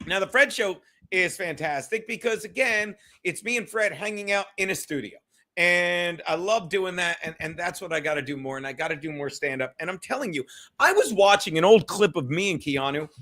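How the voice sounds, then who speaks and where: Alone on a livestream from his home, a man talks straight to chat in a loose, rambling way with lots of swearing, using a streaming setup. He has a high-pitched, bright, forceful voice and keeps a moderate pace.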